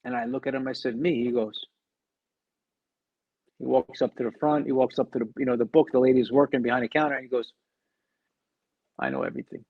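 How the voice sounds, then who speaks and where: A middle-aged man telling a personal story as an interview guest, animated, acting out the people he quotes and often restarting his sentences. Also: mid-range voice, fast talker, long pauses, dry recording, phone-quality sound. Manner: animated, acts out quoted dialogue, frequent restarts.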